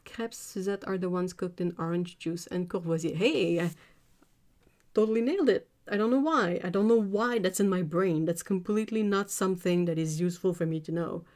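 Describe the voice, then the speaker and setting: Chatty woman, low voice. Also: brisk, darkish tone. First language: French. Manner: chatty and giggly, trailing off and searching for words. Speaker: art livestream host. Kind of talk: casual livestream chat, reading viewer comments.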